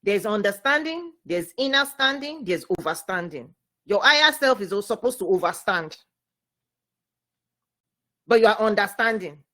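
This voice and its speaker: A woman giving a spiritual teaching talk, preaching with animation, repeating words and swinging between loud and soft. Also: mid-range voice, animated, moderate pace, long pauses.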